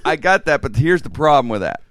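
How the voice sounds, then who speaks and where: A man from Pittsburgh hosting a casual talk show, animated and joking as he goes. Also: a little high, fairly quick. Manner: animated, laughing, joking asides. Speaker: podcast host. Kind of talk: casual chat.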